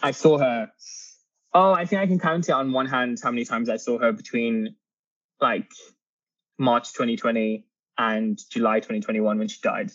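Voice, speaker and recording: An earnest young man speaks as an interview guest, pausing and restarting as he talks. His voice comes through a dull, muffled line. The room around him sounds dry and close. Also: medium pitch, steady tone, fairly bright tone, no room sound. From Britain. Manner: earnest, halting, with frequent ums and restarts. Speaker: author and guest. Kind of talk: candid interview conversation.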